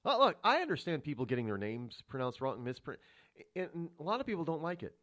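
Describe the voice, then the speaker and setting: A man hosting a radio talk show, rambling through a solo monologue of political commentary with many restarts. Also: brisk. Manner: rambling, restarts often, animated pitch swings. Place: radio studio.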